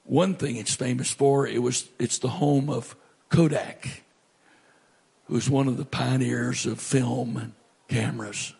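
A middle-aged male pastor preaching a sermon, animated, swinging from loud to hushed. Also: mid-range voice, unhurried, gravelly, breathy edge.

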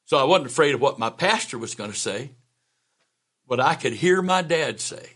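Older bishop in his seventies, preaching a sermon with unhurried homespun storytelling, mid-range voice. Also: medium pitch, expressive, fairly bright tone, breathy edge. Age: 70s. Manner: folksy personal storytelling, unhurried.

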